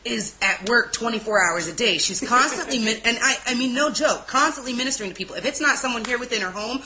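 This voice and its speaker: A woman's voice: a little high, fast, pushed and bright, slight background noise, poor audio. A woman telling a personal story in a casual interview, candid and emotional, blunt at times.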